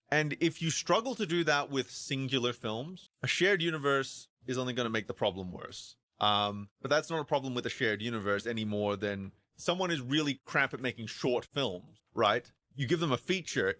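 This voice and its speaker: Bright, stammering male streamer. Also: medium pitch, no echo. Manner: stammering, animated, acts out both sides of imagined dialogue. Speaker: streamer discussing films. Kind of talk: casual rant on a livestream.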